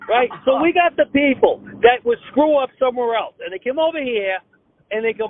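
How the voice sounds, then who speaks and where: Older comic, high and animated, stammering rant, heard over a thin phone line. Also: male voice, dry recording. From Boston area. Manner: fast ranting with stammered restarts. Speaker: comedian guest. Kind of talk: ranting comedic phone chat. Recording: tinny dry phone line.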